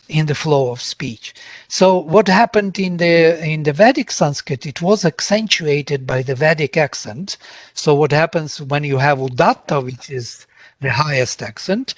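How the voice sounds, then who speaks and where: A man's voice: on the high side, dry recording. Man explaining on a dry video call. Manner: explanatory, checks understanding with "yeah?". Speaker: guest speaker, linguist. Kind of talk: lecture answer on an online call.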